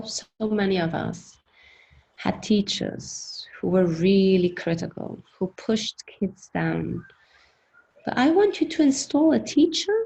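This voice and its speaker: A woman leading a workshop through a guided self-hypnosis exercise, coaching in a gentle, encouraging, repetitive way. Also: mid-range voice, gravelly, low-quality recording. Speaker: workshop leader.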